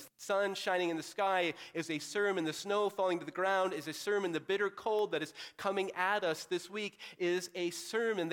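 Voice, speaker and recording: A pastor preaching an earnest, direct sermon, moving between loud urging and quiet, pressing appeal. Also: male voice, sits high.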